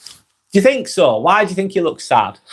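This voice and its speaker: High-pitched and slightly rough, this man's voice carries a Lancashire accent from North West England. He's hosting an informal live stream, responding to viewer comments, chuckling often and calling people mate.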